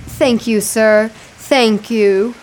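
A timid landlady: meek and deferential, high voice, old radio drama style. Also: steady tone, very slow, a little mellow, a little hiss or hum. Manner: meek and deferential, keeps saying sir. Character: timid, eager-to-please landlady. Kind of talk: 1940s radio acting.

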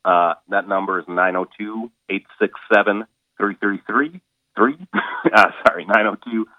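A man being interviewed as a guest performer, speaking haltingly with many fillers and restarts. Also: on the low side, no room sound. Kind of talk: casual interview over the phone. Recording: tinny phone line.

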